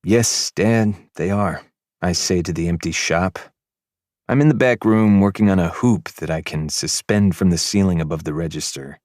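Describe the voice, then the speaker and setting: A man reading a first-person romance audiobook in a calm, measured way. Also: deep voice, no echo, clean studio sound. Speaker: audiobook narrator.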